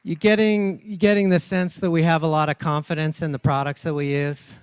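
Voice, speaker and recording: A man's voice: a little high, level tone, fairly quick, darkish tone, clear, resonant tone. A man hosting a conference session on stage, bantering with guests and rallying the audience. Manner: upbeat, rallies the audience. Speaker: conference host. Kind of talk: upbeat emcee patter. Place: large conference hall on stage.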